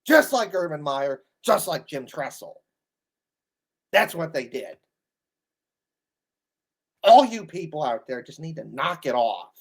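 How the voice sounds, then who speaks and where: A man's voice: a little high, very animated, slow pace, pauses often. A man in his thirties ranting bluntly in an exasperated, scolding commentary. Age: 30s. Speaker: sports commentator.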